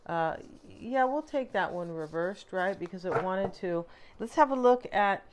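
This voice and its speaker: A woman's voice: medium pitch, lively intonation, a little slow, slight background noise. A woman giving a tarot card reading in a chatty, rambling way, with many fillers and asides. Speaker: tarot reader. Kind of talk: casual tarot reading monologue.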